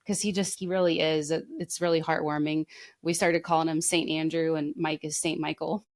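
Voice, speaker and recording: A woman's voice: low-pitched, flat delivery, normal speed. A young woman co-hosting a podcast, telling long heartfelt stories in casual chat, full of fillers. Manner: rambling, heartfelt storytelling with many fillers. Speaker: podcast co-host.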